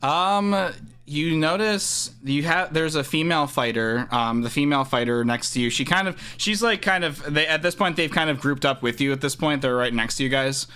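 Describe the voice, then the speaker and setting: A man's voice: on the high side, moderate pace, bright, forceful tone, clean tone. A man running a tabletop game as game master, describing scenes with many fillers and restarts.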